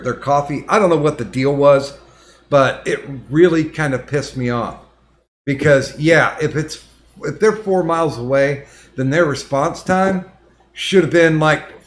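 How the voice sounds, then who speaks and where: A man's voice: a little high, measured pace. A man hosting a casual podcast, retelling a story in a heated, profane way with lots of restarts. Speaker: podcast host.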